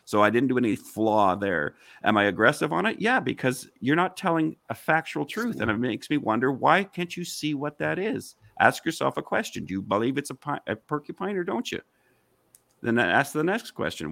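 A man pressing his point in a heated online discussion, his voice gravelly and full of swings in pitch. He talks insistently and piles up rhetorical questions. The sound is close and dry. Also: sing-song, normal speed, a bit bright, dry recording.

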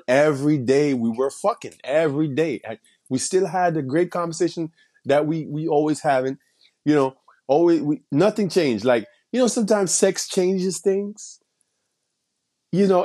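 A man spins a personal story in relaxed street slang, circling back and repeating himself as he goes. He keeps restarting his sentences and tosses in swearing without a second thought. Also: mid-range voice. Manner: rambling, with many restarts and repeated phrases.

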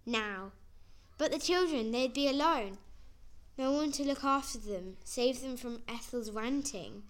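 Female narrator, slightly high voice, earnest first-person story reading. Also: measured pace.

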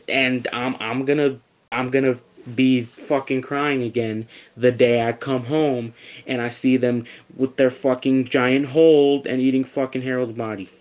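A teenage boy hosting a casual podcast, his voice sitting at a middle pitch. He rants with heavy swearing and keeps stumbling into restarts. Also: fairly even intonation, normal speed, poor audio. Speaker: podcast host.

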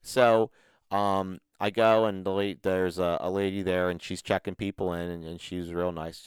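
Low, smooth-voiced man telling a story. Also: normal speed, dry recording. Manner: profane, animated storytelling with laughs. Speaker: podcast co-host. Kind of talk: casual chat.

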